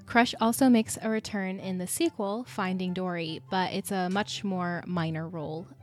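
A woman's voice: lowish voice, fairly even intonation, moderate pace, soft background music. Chatty woman podcast host explaining. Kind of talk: casual podcast chat.

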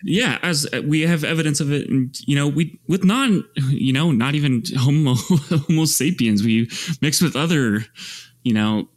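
A man co-hosting a podcast with a gravelly voice, talking casually in a halting way and restarting his sentences. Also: fairly high pitch. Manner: halting, searching for words with many restarts. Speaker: podcast co-host. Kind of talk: casual chat.

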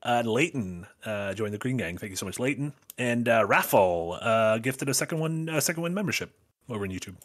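A man co-hosting a casual podcast, dropping quick joking interjections and thanking supporters. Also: mid-range voice, lively intonation, no echo, clean studio sound. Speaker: podcast co-host. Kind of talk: casual chat.

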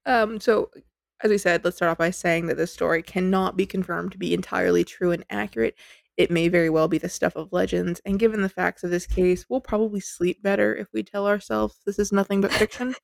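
A woman's voice: fairly low pitch, fairly even intonation, a little fast, creaky, no room sound. A woman hosting a podcast, telling a story in a chatty, giggly, self-deprecating way into a close mic. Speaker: podcast host.

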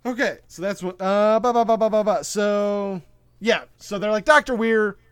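A man's voice: sits high, fairly even intonation, normal speed, clear, resonant tone, no echo, studio quality. A man hosting a podcast, recapping a film in a rambling, casual way with lots of fillers and asides. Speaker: podcast host. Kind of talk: casual movie recap chat.

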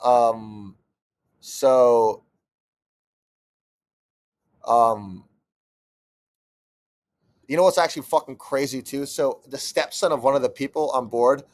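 A man's voice: mid-range voice, slow pace, long pauses. A young man co-hosting a podcast, chatting casually and breaking into profane, exasperated rants. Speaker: podcast co-host. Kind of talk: casual chat.

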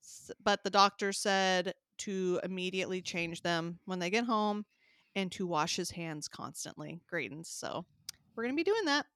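A woman's voice: fairly low pitch, normal speed, a bit bright, smooth, dry recording, clean studio sound. A woman in her thirties co-hosting a podcast, chatting casually, laughing often and filling her talk with "like.". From American South. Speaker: podcast co-host. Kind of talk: casual chat.

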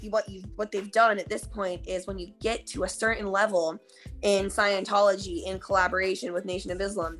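A woman's voice: mid-range voice, a bit bright. A young woman co-hosting a podcast, explaining earnestly in casual chat with many fillers and casual swearing. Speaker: podcast co-host.

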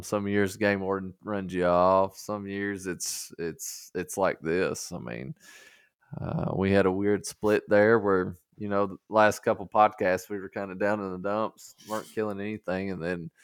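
Low, smooth podcast host. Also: male voice, no echo, clean studio sound. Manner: easygoing, rambling. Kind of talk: casual chat.

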